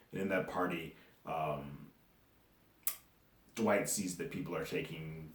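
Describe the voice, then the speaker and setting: A man's voice: sits low, darkish tone. A man giving a loose, conversational recap of a TV episode, chuckling now and then as he talks it through. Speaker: movie and TV reviewer. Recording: roomy echo.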